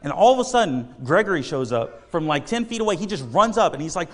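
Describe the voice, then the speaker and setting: A man with a slightly high voice preaches a sermon, telling a story in a loose, rambling way. He leans on fillers and restarts as he goes. His voice rings through a hall with a long reverb. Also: sing-song, fast talker, hardly any pauses, fairly bright tone.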